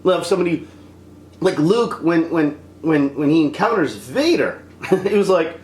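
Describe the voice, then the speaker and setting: Animated, exasperated film reviewer. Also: medium pitch, measured pace, roomy sound. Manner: exasperated, animated, acts out scenes.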